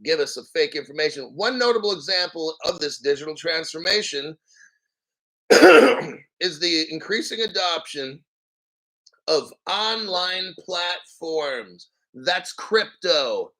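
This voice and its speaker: A man hosting a crypto livestream, reading an article aloud with profane, sarcastic rambling asides and frequent throat-clearing. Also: on the high side, expressive, takes it slowly, bright, forceful tone, rough recording. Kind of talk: profane ranting commentary while reading an article.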